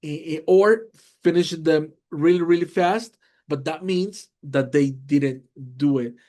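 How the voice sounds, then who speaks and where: A man's voice: on the high side, measured pace, darkish tone. A man with a Latin American Spanish accent presenting a webinar to teachers, often checking in with "all right?" and many fillers. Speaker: teacher trainer.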